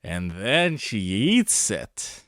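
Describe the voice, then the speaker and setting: A man voicing a lecherous, leering male demon in a parody anime recap, speaking slow and low. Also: huge pitch swings, heavily acted. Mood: sleazy.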